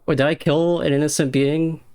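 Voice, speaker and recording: A man's voice: a little high, little pitch movement, brisk, a little mellow, smooth. Exasperated swearing male game streamer. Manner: exasperated, swearing, self-talking. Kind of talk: live game stream commentary.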